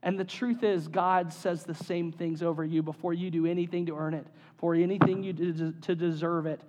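A man preaching a sermon in an earnest, emphatic way, often saying his main points twice. His voice sits high for a man. It carries a long reverb, as if he speaks in a big hall. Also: flat delivery, brisk, a little mellow. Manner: earnest, repeats key phrases for emphasis. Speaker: pastor.

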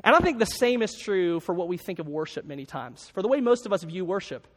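A pastor with a notably high voice delivers a sermon in a casual, chatty way, restating each main point twice. His voice rings out through a large church space with a long, trailing reverb. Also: big pitch swings, fast talker, hardly any pauses. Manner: conversational, repeats key lines for note-taking. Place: church sanctuary with a congregation.

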